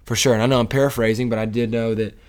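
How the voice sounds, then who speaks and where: A man's voice: medium pitch, level tone, very fast, a little mellow, smooth. A man co-hosting a casual sports talk show, speaking in an emotional, rambling way with many restarts. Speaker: sports podcast co-host.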